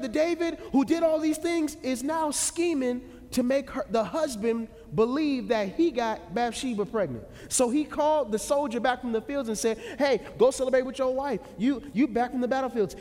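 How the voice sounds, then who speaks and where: High, lively preacher in a big hall. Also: male voice. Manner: dramatic storytelling, swings from loud peaks to hushed lows. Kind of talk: sermon. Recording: long hall reverb.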